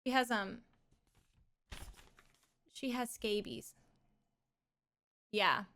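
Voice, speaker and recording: A woman's voice: medium pitch, lively intonation, very slow, pushed and bright. A woman live streaming from home, talking in a rambling, casual way and swearing and laughing often.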